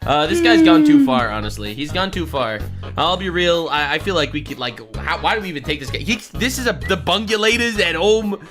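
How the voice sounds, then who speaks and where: Lively, bright-voiced male streamer. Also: a little high, a little fast, faint music behind. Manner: animated, swears, exaggerated outrage. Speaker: streamer reacting to clips. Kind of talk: casual reaction stream.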